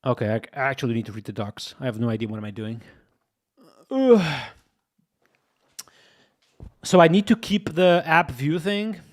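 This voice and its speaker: A man's voice: medium pitch, moderate pace, pauses often. A young man live-streaming while he codes, thinking aloud, repeating himself and talking straight to his chat. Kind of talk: casual live-stream commentary.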